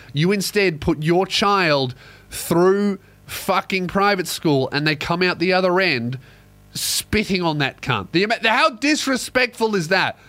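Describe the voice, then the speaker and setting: A young Australian man with a fairly high voice rants sarcastically through a close, dry mic. He's profane and animated, with a comic podcast delivery. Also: no echo. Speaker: podcast host, comedian. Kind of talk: comedic rant.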